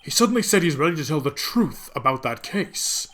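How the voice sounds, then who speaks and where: A man reading the lines of a friendly, smooth-talking male detective in a courtroom game. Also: on the high side, big pitch swings, fairly quick, a bit bright. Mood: eager.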